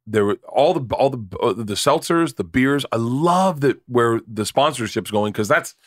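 A comedian guesting on a podcast, rambling and swearing through stories in casual chat. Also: male voice, medium pitch, animated, normal speed, no room sound, clean studio sound. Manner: rambling, profane, laughs easily.

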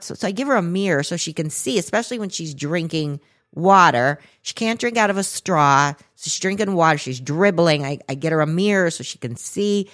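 A woman in her forties tells a story on a podcast, and her pitch swoops widely as she acts out every quote. She talks in an easy, conversational way. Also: brisk. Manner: animated, acts out quotes with big pitch jumps. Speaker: podcast co-host. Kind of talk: casual storytelling chat.

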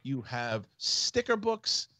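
A man's voice: medium pitch, takes it slowly, no room sound. A man in his forties hosts a loose comedy podcast, spinning family anecdotes with crude language. His voice leaps up and down as he plays out every quote, and it sits close and dry on the mic. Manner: animated storyteller, swears freely, acts out quotes. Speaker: podcast host. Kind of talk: casual comedic chat.

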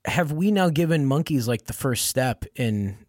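A man's voice: medium pitch, lively intonation, normal speed, a little mellow, no room sound, studio quality. A young man co-hosting a comedy podcast, making wry asides and laughing easily in casual chat. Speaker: podcast co-host.

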